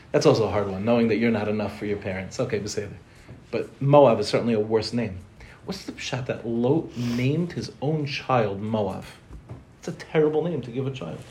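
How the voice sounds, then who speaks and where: A young man teaching a Torah class in a quick, joking way, throwing rhetorical questions at his listeners. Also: on the low side, a little mellow, slight background noise.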